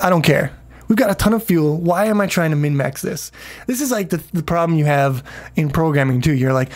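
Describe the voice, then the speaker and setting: A man's voice: fairly high pitch, fairly quick, darkish tone. A man casually commenting on his game during a livestream, rambling, swearing freely and chatting with viewers. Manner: rambling, profane, talks to chat.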